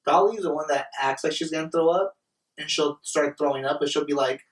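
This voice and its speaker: A young man co-hosting a podcast, telling stories in animated, profane casual chat. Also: on the high side, fairly quick, echoey room. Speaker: podcast co-host. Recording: distant mic.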